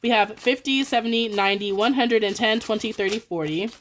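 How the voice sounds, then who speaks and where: A young woman chatting excitedly and quickly through a budgeting vlog, full of fillers and counting out cash. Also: a little high, slight background noise. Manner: fast, excited, rambling with many "like" fillers. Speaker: budgeting vlogger. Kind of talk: casual chatty voice-over while cash stuffing.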